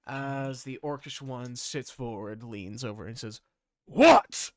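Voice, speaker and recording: A man narrating a tabletop game as game master, unhurried and sometimes searching for words. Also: mid-range voice, fairly even intonation, dry recording, clean studio sound.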